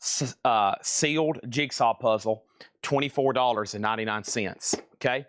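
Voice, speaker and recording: A man's voice: mid-range voice, a bit bright, no room sound, studio quality. Chatty man calling out record prices. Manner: brisk, chatty, lists items and prices. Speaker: seller running a live record sale. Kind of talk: live auction and price calling.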